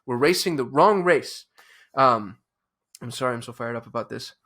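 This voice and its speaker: A man's voice: mid-range voice, lively intonation, moderate pace, a bit bright. A man who hosts his own channel, talking to camera in a fired-up, emphatic way with frequent restarts and fillers. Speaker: agency owner and channel host. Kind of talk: fired-up casual talk to camera.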